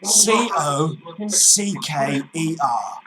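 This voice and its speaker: A man's voice: fairly high pitch, expressive, measured pace, over a noisy crowd. A man voicing a pushy, cheeky Cockney geezer on a prank phone call, impatient and bossy as he spells things out. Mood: indignant.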